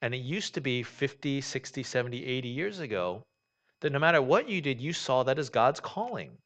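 Guy preaching a sermon, chatty and easygoing, gets quiet then punchy, middle voice. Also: mid-range voice, very animated, brisk. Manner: conversational preaching, swings from quiet to emphatic. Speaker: pastor.

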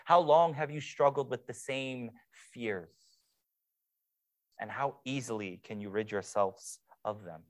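A young man preaching a sermon as pastor, swinging between hushed, quiet passages and playful mock-excited sarcasm. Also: medium pitch, unhurried.

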